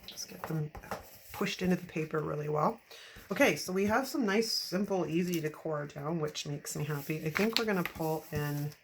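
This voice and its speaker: A woman's voice: low voice, moderate pace. A woman in her fifties chatting casually while decorating a planner, rambling and laughing often. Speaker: planner vlogger. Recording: steady background noise.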